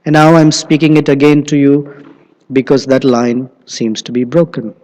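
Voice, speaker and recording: A man giving an animated storytelling sermon in a temple hall. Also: mid-range voice, normal speed. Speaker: temple speaker. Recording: long hall reverb.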